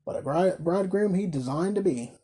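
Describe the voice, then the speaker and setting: A man reading a classic novel aloud as narrator, with a measured, slightly wry delivery. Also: high voice, lively intonation, mellow, husky. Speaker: audiobook reader. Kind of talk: storybook narration.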